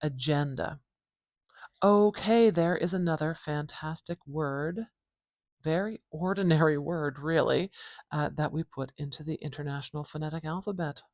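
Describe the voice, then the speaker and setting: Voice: medium pitch, normal speed, a little mellow, no room sound, clean studio sound. A phonetics teacher walking through a transcription, thinking aloud in a playful way and correcting themselves as they go. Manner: muses aloud, self-correcting, playful asides.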